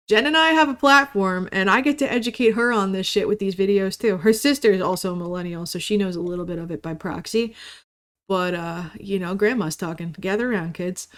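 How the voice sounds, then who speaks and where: Woman, 30s solo podcast host, rambling and profane, mock-ranting, casual. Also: mid-range voice.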